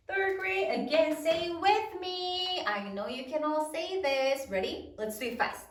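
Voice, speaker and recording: A woman teacher leading a spelling lesson, slowly sounding out each part of a word. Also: extremely high pitch, roomy sound, recorded from a distance. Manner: slow, deliberate, sounds out phonograms.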